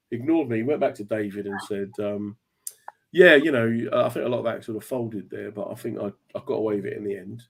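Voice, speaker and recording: Comic guy rattling off a gig story, quick, does all the voices. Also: medium pitch, creaky, slightly rough. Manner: fast, animated storyteller acting out dialogue. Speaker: radio show host and comedian. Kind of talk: casual chat, telling a stage anecdote.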